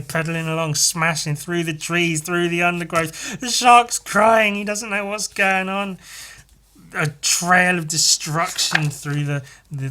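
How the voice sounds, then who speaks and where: A man hosting a podcast, casually retelling a picture story in an animated, sweary, laughing way. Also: fairly high pitch. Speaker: podcast host.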